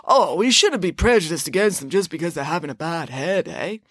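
A woman's voice: lowish voice, animated, a little fast, no room sound, studio quality. A woman voicing a naive, easily pleased nobleman who chats cheerfully. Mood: chatty.

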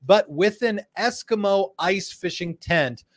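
A man with a somewhat high-pitched voice hosts a relaxed live chat show. He talks casually, cracks jokes and reads out viewer comments with an easy, friendly delivery. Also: measured pace. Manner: chatty, jokey, reads viewer comments aloud. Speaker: host. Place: studio in Phoenix.

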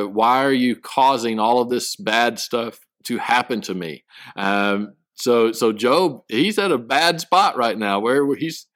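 A man leading a Bible study reads scripture and then unpacks it in an unpolished, conversational way, stumbling and restarting as he thinks aloud. His voice sits at an ordinary middle pitch. The recording is close and dry, with no room echo. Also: a bit bright. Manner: reads scripture aloud then explains it in halting casual speech. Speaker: Bible teacher.

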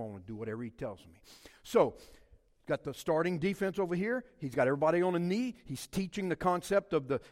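A middle-aged man from Louisiana preaching a sermon and telling personal stories, swinging from quiet, low passages to loud, passionate peaks. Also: big-room sound.

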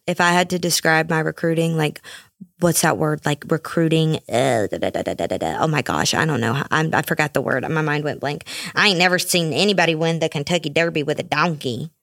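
Young woman host, low voice, dry close mic, sarcastic solo rant, casual. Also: brisk, gravelly, no echo. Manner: sarcastic, animated, mocking asides. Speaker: podcast host.

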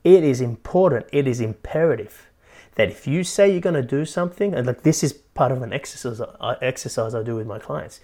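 A man's voice: medium pitch, a little fast. A man hosting a motivational podcast as a life coach, talking animatedly and tagging his points with "right?". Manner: keeps adding "right?", animated.

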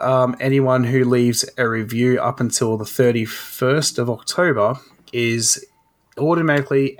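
A man hosting a casual maker podcast, talking in a loose, rambling way with fillers. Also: medium pitch. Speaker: podcast host.

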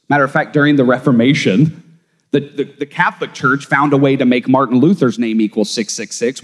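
Male theology teacher, casual podcast guest, emphatic and animated, mid-pitched, recorded in a reverberant room.

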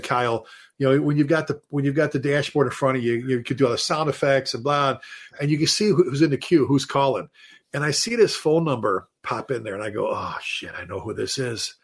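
A man, a fire chief guest on a show, telling stories in an animated, casual way with many restarts and repeated words. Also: mid-range voice, brisk. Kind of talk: casual storytelling.

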